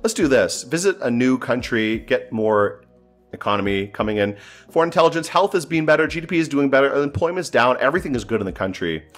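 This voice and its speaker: A man's voice: mid-range voice, expressive, fast, fairly bright tone, faint music behind. A man thinking aloud as he plays a strategy game, often exasperated and swearing. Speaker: gameplay commentator. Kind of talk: casual gameplay commentary.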